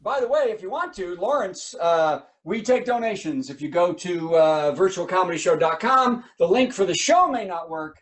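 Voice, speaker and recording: High-voiced joking male comedy host. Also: lively intonation, moderate pace, few pauses. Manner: rambling, joking, upbeat. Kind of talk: live online comedy show hosting.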